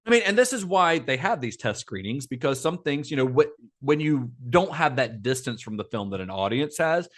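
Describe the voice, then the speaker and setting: A man's voice: medium pitch, big pitch swings, normal speed. A man co-hosting a podcast, explaining film history in a casual, talkative way, often laughing. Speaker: podcast co-host.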